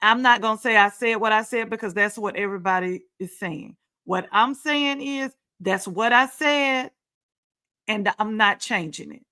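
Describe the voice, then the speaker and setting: A woman's voice: on the high side, pushed and bright. A woman hosting her own talk show, giving emphatic, repetitive commentary with sarcastic asides. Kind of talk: casual commentary on reality TV. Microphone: home setup, screen sharing.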